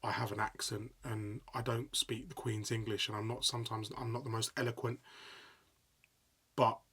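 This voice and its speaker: A young adult man, a sports broadcaster, telling stories in an animated, excitable way during a casual interview. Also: medium pitch, moderate pace, husky. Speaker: sports broadcaster, podcast guest.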